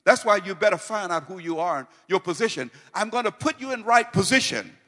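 Brisk and expressive, the preacher's high, bright voice rings out, alternating hushed teaching with loud, fervent repetition through his sermon. A long reverb gives the feel of a large hall.

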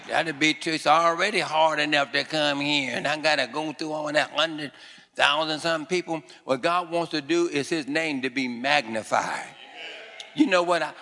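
Fervent preacher man, bright voice. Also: fairly high pitch. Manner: call-and-response preaching, repeats phrases and quizzes the congregation; fervent declarations in a raised voice. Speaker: pastor. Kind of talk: sermon. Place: church sanctuary before a congregation. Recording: long reverb of a large church hall.

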